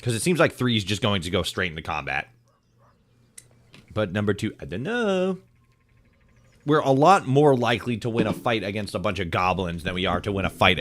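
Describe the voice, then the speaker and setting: A man streaming a video game, chatting casually with his viewers in a relaxed way, swearing and repeating himself. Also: lowish voice, a little hiss or hum. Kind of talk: casual chat with viewers while gaming.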